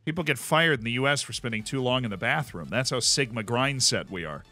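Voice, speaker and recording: A man's voice: medium pitch, lively intonation, a little fast, pushed and bright, faint music behind. An American man chatting casually and rambling on his live stream, reacting aloud to the game as he plays. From United States. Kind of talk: casual live-stream chat while gaming.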